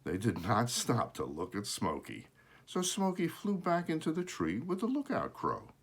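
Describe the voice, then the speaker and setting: A man reads a children's storybook aloud in an animated way, his voice swooping high and low as he tells it. He stops now and then for casual asides to show the pictures, and corrects his small slips as he goes. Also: moderate pace, husky. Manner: shows pictures while reading.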